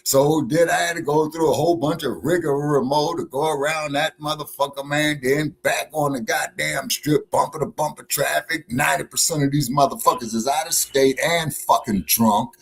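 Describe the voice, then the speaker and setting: A man's voice: fairly high pitch, normal speed, gravelly, husky. A man hosting a live online talk show, telling a rambling, profane story and acting out both sides of the arguments. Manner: animated, swearing, acts out both sides of arguments. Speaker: show host.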